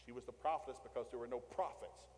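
Fast-talking preacher in a hall. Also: male voice, medium pitch, darkish tone. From Tennessee, USA. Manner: folksy storytelling with acted quotes. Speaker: pastor. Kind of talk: sermon. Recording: long hall reverb.

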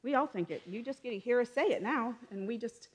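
A woman's voice: a little high, lively intonation, fast, slightly rough. A woman leading church announcements and prayer in a chatty style, with frequent amens. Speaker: church leader.

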